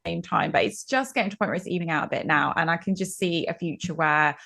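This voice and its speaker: A woman's voice: fairly low pitch, gravelly, pushed and bright. Chatty woman author. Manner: chatty, laughs often, fast bursts. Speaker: guest author. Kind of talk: casual interview chat.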